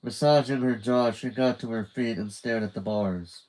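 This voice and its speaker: A man's voice: medium pitch, moderate pace, a little mellow, rough recording. A man narrating a children's book in a live reading. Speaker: reader.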